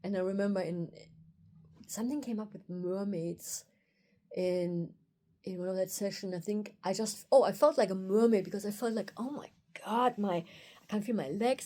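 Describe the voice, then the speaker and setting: Warm-voiced woman. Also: mid-range voice. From Germany. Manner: candid, animated retelling with quoted inner thoughts. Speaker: osteopath and video host. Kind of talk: personal storytelling to camera.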